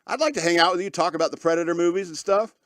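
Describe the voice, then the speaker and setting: A man's voice: sits high, rapid-fire, a bit bright, no room sound, clean studio sound. A man hosting a podcast, joking sarcastically through news stories and laughing often mid-sentence. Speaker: podcast host. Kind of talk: casual comedic commentary on news.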